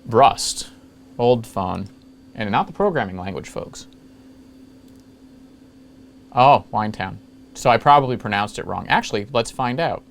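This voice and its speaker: A man hosting a casual screen-capture walkthrough of old software, rambling along with jokey, self-mocking asides. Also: fairly low pitch, expressive, moderate pace, vocal fry, pauses often, a little hiss or hum. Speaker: retro computing video host.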